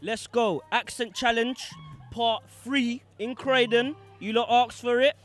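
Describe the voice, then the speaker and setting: A man's voice: very high-pitched, fairly even intonation, a little slow, a bit bright. A man with a London accent hosting a street interview, prompting passers-by in an upbeat, teasing way. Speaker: host. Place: busy street outdoors.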